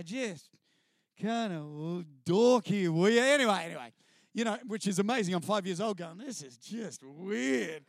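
A middle-aged man with a New Zealand accent tells his story from a church stage in an animated, self-deprecating style. His voice sits fairly high for a man. The sound is close and dry, with little room echo. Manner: animated, self-deprecating, chatty, often laughing. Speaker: guest speaker on a church stage. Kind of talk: personal testimony storytelling to a live audience. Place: stage before a live audience.

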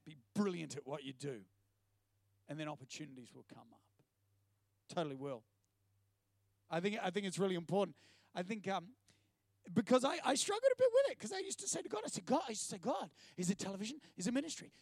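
A man's voice: sits high, fast, creaky, dry recording. A man preaching a sermon, telling stories with jokey asides. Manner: storytelling, animated, jokey asides. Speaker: preacher and TV presenter.

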